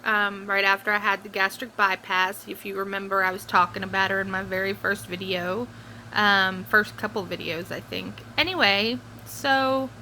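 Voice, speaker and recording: A middle-aged woman rambles casually to her camera at home, full of ums and restarts. Her voice is bright and clear. A faint hum of room noise sits behind her. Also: mid-range voice, rough recording. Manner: rambling, many fillers and restarts. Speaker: vlogger. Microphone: phone or camera close by.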